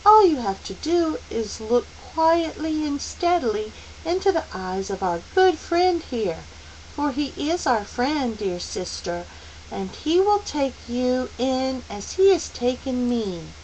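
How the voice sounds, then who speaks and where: Woman doing a possessed small boy, eerily calm. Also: high voice, slight background noise, pitched above the performer's own voice, heavily acted, rough recording. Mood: coldly calm. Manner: calm, bland, measured.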